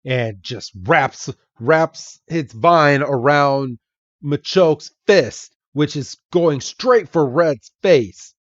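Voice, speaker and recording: This man hosts a podcast and speaks in a fairly high voice as he chats his way slowly through a comic recap, fixing his own words as he goes. The audio is dull and has no echo.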